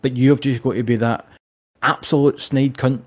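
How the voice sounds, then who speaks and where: A man's voice: mid-range voice, fairly even intonation, moderate pace. A young Scottish man chatting casually about fights as a co-host, swearing freely and telling stories with animation. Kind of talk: casual sports chat.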